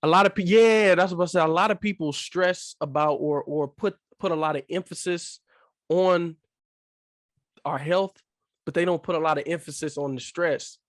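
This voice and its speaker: A man in casual podcast chat with a somewhat high-pitched voice, talking earnestly and hammering his point by repeating phrases. The sound is close and dry. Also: moderate pace, no room sound. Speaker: podcast co-host.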